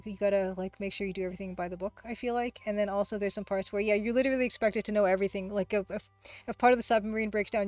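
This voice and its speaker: A woman with a mid-range voice, a game artist, hosts a casual livestream. She talks fast, rambles through her chat replies, laughs a lot and pokes fun at herself.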